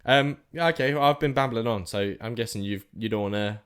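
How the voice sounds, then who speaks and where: A man's voice: mid-range voice, fairly quick, a bit bright, clear, resonant tone. A man from England co-hosting a podcast, teasing his friend and laughing easily. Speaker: podcast co-host. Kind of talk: casual chat.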